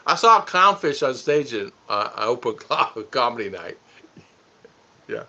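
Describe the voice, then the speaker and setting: A man's voice: mid-range voice, sing-song, moderate pace, creaky, bright, forceful tone. A man hosting a casual livestream, joking, teasing and laughing as he answers viewer comments. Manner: goofy, teasing, laughs often. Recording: dull lo-fi stream audio.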